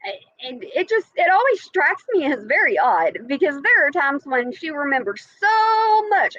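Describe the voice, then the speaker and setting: High-voiced chatty woman reacting to a stream. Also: big pitch swings, a little slow, a bit bright, dry recording, highs cut off. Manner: chatty, repeats herself, laughs often, talks to viewers. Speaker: reaction channel host. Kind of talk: casual reaction commentary.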